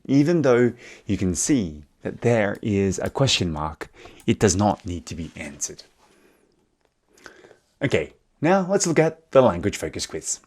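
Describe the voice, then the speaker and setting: A man with an Australian accent teaching an English lesson, speaking slowly and clearly and slipping into Korean translations. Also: lowish voice, darkish tone.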